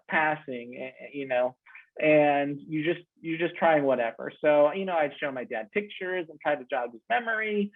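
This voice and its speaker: A man telling frank, darkly comic personal stories in a halting way, with many fillers. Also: on the high side. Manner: halting, lots of fillers, switches from frank to joking. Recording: tinny phone-line radio audio.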